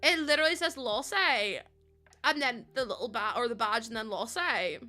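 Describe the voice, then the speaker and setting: High, bright-voiced excitable woman streamer. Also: moderate pace. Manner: excitable, gushing, laughs often. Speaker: live streamer. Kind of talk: casual stream chat with viewers.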